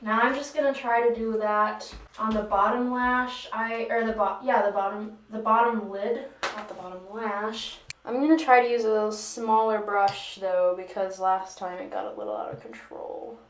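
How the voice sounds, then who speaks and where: A woman's voice: mid-range voice, moderate pace, few pauses, slight background noise. Rambling, jokey woman doing her makeup. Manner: rambling, self-mocking, joking asides. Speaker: beauty vlogger. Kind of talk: chatty makeup tutorial. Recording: echoey room.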